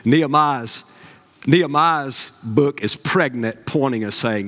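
A man, a pastor preaching a sermon with folksy stories and animated asides. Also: mid-range voice, moderate pace. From Southern US. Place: church sanctuary. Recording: long reverb of a large hall.

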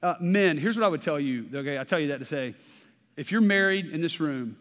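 A man's voice: on the high side, expressive, fairly quick, fairly bright tone. A man in his thirties preaching a sermon in a conversational way, often checking in with "okay?" and repeating words as he restarts. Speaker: pastor. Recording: long hall reverb.

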